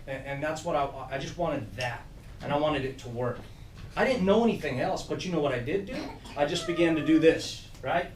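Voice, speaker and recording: A middle-aged man speaks to a room of young trainees in a fairly high voice. He gives a motivational talk and tells animated stories from his own life. He is picked up from a distance, and the room echoes around him. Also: a little fast, slight background noise. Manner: storytelling, animated, laughing through funny parts. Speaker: program director speaking to youth trainees. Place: room with an audience.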